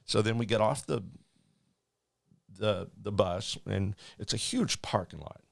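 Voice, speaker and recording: A man working as a flight attendant, telling a story in a rambling, animated way with many restarts. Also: on the low side, unhurried, gravelly, dry recording, studio quality. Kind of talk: casual storytelling.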